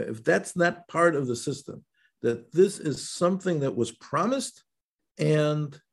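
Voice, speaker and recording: Gravelly, husky man teaching a Torah class. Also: mid-range voice, a little mellow. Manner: halting, many restarts and tag questions. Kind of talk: informal religious lesson.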